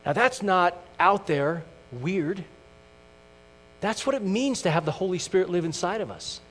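A middle-aged male pastor preaching a sermon, earnest, moving from loud emphasis to hushed questions. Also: sits high, animated, a little slow. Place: church sanctuary. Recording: distant mic in a reverberant church with mains hum.

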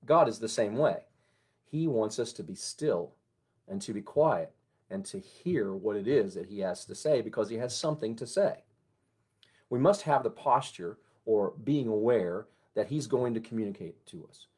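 Middle-aged pastor guy, kinda low voice, calm chatty devotion, drops soft when he prays. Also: moderate pace, breathy edge. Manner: gentle and conversational, with soft prayerful passages. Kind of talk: morning devotional sermon.

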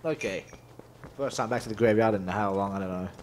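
A man's voice: on the low side, brisk, darkish tone, a little hiss or hum. Man muttering through gameplay commentary. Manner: mumbling to himself, joking. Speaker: let's play host.

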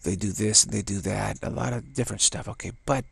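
An older man giving a casual spiritual talk, rambling and halting with many restarts and playful acted-out quotes. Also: on the low side, vocal fry, slightly rough, dry recording. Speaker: spiritual teacher.

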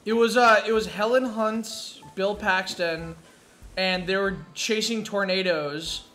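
A man's voice: sits high, takes it slowly, faint music behind. A man casually chatting while live streaming a game, telling stories with lots of swearing and laughter. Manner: profane, laughing, animated storytelling. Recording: roomy echo.

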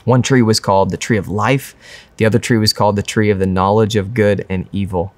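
A man's voice: on the low side, fairly even intonation, fairly quick, no room sound. A young man preaching a sermon as pastor, earnest and conversational.

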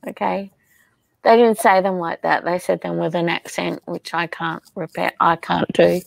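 A woman hosting a casual craft livestream, reading viewer comments aloud in an unhurried, chatty way and laughing often. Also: lowish voice, little pitch movement, vocal fry, no echo.

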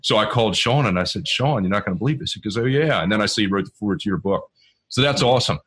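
A man's voice: fairly low pitch, expressive, very fast, fairly bright tone, breathy edge. A man from Baltimore in his thirties, hosting a podcast and chatting in a rambling, conversational way. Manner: rambling, with restarts and quoted dialogue. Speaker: podcast host. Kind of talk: conversational interview.

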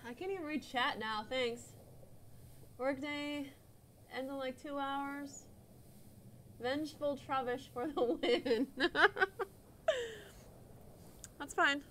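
A woman's voice: high voice, steady tone, takes it slowly, pauses often, a bit bright, a little hiss or hum. A woman streaming live gameplay commentary, muttering and swearing in frustration at the game as she plays.

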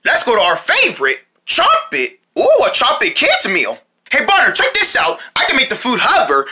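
A woman voicing homemade parody cartoon ads, playfully jumping between character voices and shouted cries. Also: sits high, huge pitch swings, normal speed, slightly rough.

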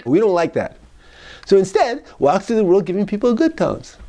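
A man's voice: high-pitched, sing-song, normal speed, warm tone. A man speaking as a psychologist in a casual advice monologue. He repeats key phrases and acts out tones of voice as he goes.

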